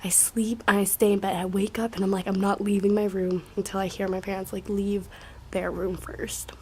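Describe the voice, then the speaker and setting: A young woman casually telling a rambling, profane story to camera, full of filler likes and often dropping to a hushed near-whisper. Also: medium pitch, little pitch movement, a little fast, slight background noise.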